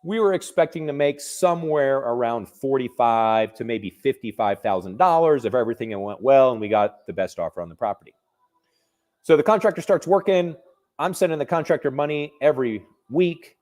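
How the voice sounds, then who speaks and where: A real estate investor recounting a personal story in a casual, conversational way, full of restarts and fillers. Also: male voice, medium pitch, lively intonation, brisk, darkish tone.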